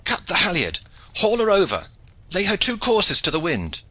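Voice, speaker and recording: A man reading an audiobook, voicing an anxious, gruff male ship's master who bellows orders at sea. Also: fairly low pitch, animated, moderate pace, bright, forceful tone, no room sound, full character voice, rough recording. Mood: shouting.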